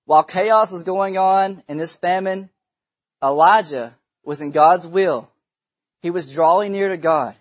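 A man's voice: a little high, dull audio. A man preaching a sermon in a church, impassioned, repeating phrases for emphasis. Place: church sanctuary.

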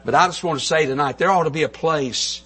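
Preaching at a quick pace in a church sanctuary, this middle-aged Southern pastor has a high, bright, faintly husky North Carolina drawl. His fervor carries him from soft, intimate lows up to full shouts.

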